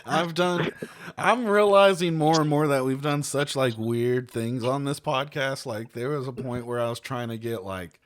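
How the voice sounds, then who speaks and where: A man co-hosting a podcast in casual chat, laughing often and trailing off into quiet mumbles. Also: medium pitch, moderate pace. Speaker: podcast co-host.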